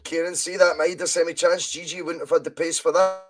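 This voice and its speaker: A Scottish man hosting a football podcast, giving live fan commentary on a match, chatty and reading out viewer comments, with excited bursts at chances. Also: fairly high pitch, fairly quick.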